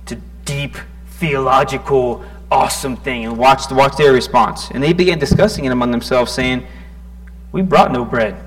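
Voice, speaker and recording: A man preaching a sermon in a conversational, animated way, often restarting his words and joking at his own expense. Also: medium pitch, moderate pace, hardly any pauses, faint music behind. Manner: conversational, self-deprecating, animated with stuttering restarts. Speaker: pastor.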